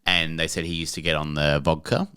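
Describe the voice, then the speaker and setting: A man co-hosting a comedy podcast, chatting casually and throwing in quick teasing jokes. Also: very deep voice, flat delivery, pushed and bright, smooth. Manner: quick jokey interjections, teasing.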